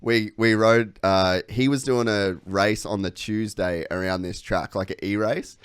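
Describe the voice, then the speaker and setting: A man's voice: on the low side, steady tone, measured pace, smooth, no room sound, clean studio sound. A young Australian man hosting a podcast, chatting casually with sweary, slangy banter. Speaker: podcast host. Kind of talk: casual chat.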